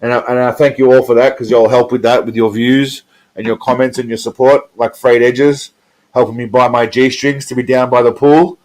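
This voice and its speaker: A man's voice: medium pitch, little pitch movement, normal speed, darkish tone, poor audio. An Australian man chatting casually on his live stream, crude and profane as he reacts to viewer comments.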